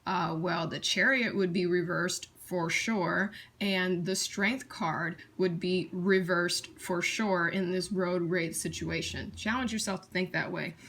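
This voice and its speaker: A woman with a somewhat low voice talks through tarot cards in a loose, unscripted lesson. She is blunt and chatty, trailing off and restarting as she goes. Now and then she breaks into little acted-out everyday scenes. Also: steady tone, fairly bright tone. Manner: blunt, chatty, acts out scenarios in quick asides; frequent fillers and restarts. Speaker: tarot teacher. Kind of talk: casual teaching monologue.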